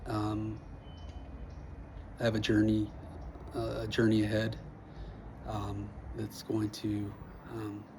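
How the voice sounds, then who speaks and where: A man speaking haltingly through emotion, with many pauses and fillers, as he thanks his listeners. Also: on the low side, monotone, background noise. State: emotional, near tears. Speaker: vlogger sharing personal news. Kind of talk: emotional personal address.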